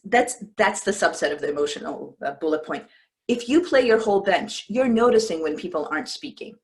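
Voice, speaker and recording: Low-voiced woman coach teaching a webinar. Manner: conversational, breaks off and restarts words, acts out example lines. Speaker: leadership coach presenting a webinar. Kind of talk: live webinar presentation. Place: at a desk, home or office.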